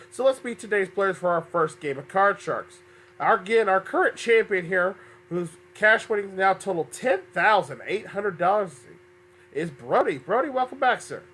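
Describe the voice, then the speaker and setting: A man's voice: high-pitched, a bit bright. A man hosting a fan-made game show, upbeat but often stumbling and correcting himself, a little under the weather.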